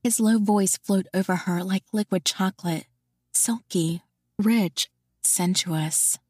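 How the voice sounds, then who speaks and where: A woman narrating a romance novel in an even, intimate storytelling voice. She sits in the middle range for a woman, recorded close and dry with no room sound. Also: mid-range voice, slow, husky, dry recording. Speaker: audiobook narrator.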